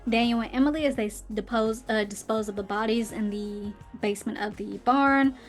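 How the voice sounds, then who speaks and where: Young female podcast host, casual recap, slightly high voice, soft music bed behind. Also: fairly quick. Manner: chatty retelling with acted quotes and fillers.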